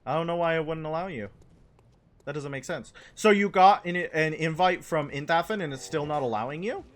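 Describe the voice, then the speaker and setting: A man's voice: on the high side, fairly quick. A young man chatting casually with his live chat while playing a game, joking and answering questions between moments of play.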